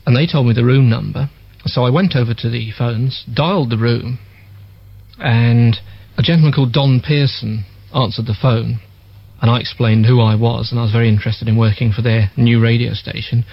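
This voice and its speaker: Older English man, husky voice, animated storytelling, dry dull-sounding recording. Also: medium pitch, moderate pace, no room sound. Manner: animated anecdotes, acts out quoted voices. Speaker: former radio DJ interviewee. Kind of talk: reminiscing storytelling.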